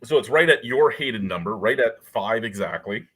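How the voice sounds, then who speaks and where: A man's voice: lowish voice, animated, normal speed, pushed and bright, husky. A man in a casual beer chat, ranting with lots of swearing and exasperation. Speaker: guest.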